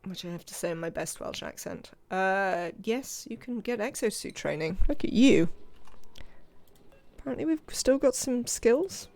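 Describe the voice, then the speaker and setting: UK game streamer, live let's-play: chatty, thinks out loud and talks to the characters, with an animated pitch and a bit of gravel. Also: normal speed, hardly any pauses. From United Kingdom.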